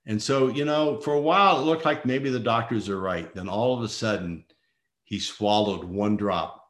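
A man's voice: on the low side, moderate pace, a bit bright, reverberant. A middle-aged man earnestly telling a personal story as a father, acting out the voices of people in it. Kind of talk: emotional personal testimony.

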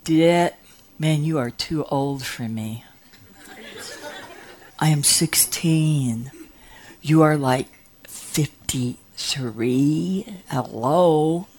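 A cocky sixteen-year-old boy tossing out surfer slang, as a woman puts him on. He sounds rude and teasing, in a low voice that moves slowly. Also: a little mellow, full character voice.

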